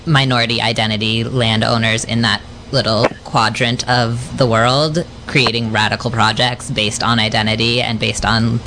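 Measured man guest with a bright voice. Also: mid-range voice, slight background noise. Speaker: podcast guest. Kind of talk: conversational storytelling.

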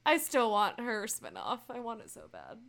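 A young woman with a high, bright voice, talking casually as a co-host. She recaps an episode with animated energy, often laughing and acting out what the characters said. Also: moderate pace, gravelly. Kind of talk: casual chat.

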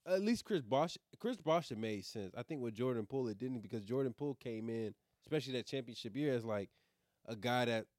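A young man co-hosting a casual sports chat, excitable and swearing freely. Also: medium pitch, fairly quick, dry recording, studio quality. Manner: excitable, swears a lot, says "bro". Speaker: podcast co-host.

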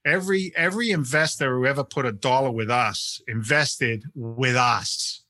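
Bright-voiced middle-aged man with a mixed London-American accent. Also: mid-range voice, moderate pace, no echo. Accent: London English mixed with American. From England. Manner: animated, repeats words and restarts often. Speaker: real estate investment CEO, guest. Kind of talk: casual podcast interview.

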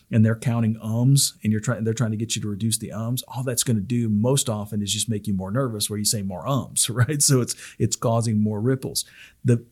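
A man's voice: medium pitch, darkish tone, breathy edge. A middle-aged man hosting a podcast on public speaking, talking in a rambling, casual way full of restarts and fillers.

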